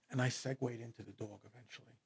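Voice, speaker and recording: A man with a New York accent, a guest author telling his story in a studio interview, animated and rambling. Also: medium pitch. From New York City. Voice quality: gravelly, husky. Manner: animated, rambling storyteller who speeds up and gets loud when excited.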